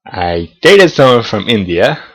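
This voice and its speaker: A man's voice: lowish voice, big pitch swings, a little slow, fairly bright tone, slightly rough, low-quality recording. A young man, a college student, talking casually to camera in a rambling way, with frequent restarts and swearing. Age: young adult. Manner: rambling, profane, hesitant restarts. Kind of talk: casual talking-head vlog. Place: South of the United States.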